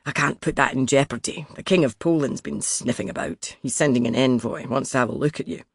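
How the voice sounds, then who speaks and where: A man's voice: mid-range voice, fairly quick, vocal fry, husky, no echo, clean studio sound. A man voicing a crude Scottish king, teasing. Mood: mocking. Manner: coarse, teasing, mumbling to himself. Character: crude mocking middle-aged male king. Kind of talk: audiobook character voice.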